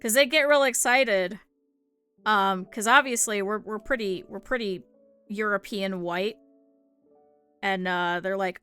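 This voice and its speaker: A woman's voice: medium pitch, moderate pace, fairly bright tone, clear, resonant tone, soft background music. A young adult woman from the American Midwest, streaming and chatting casually while crafting, telling rambling, laugh-filled stories full of swearing and fillers. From Cleveland area, United States. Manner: rambling anecdotal storytelling with lots of swearing and laughter; many fillers and restarts, voices others in her quotes.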